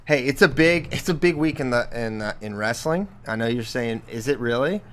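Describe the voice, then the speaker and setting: A man in his thirties co-hosting a casual podcast chat, telling animated stories and mimicking his son's voice. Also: medium pitch, normal speed. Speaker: podcast co-host.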